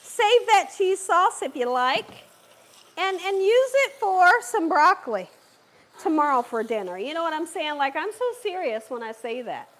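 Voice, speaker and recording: Woman cooking host, live stream, high, bouncy voice, playful and chatty with her viewers. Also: big pitch swings, normal speed, a bit bright. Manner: chatty, talks directly to viewers and live chat; playful, laughs and cheers herself on.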